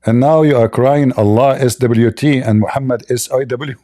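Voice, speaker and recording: A man's voice: medium pitch, fairly even intonation, normal speed, warm tone. A man hosting a live online debate, mocking and combative, often laughing at his opponents. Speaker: debate host.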